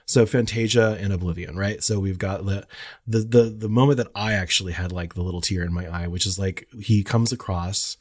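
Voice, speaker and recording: A man co-hosting a podcast in casual chat, candid and quick to laugh. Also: low-pitched, steady tone, darkish tone. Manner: giggly, candid, frequent laughter. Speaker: podcast co-host.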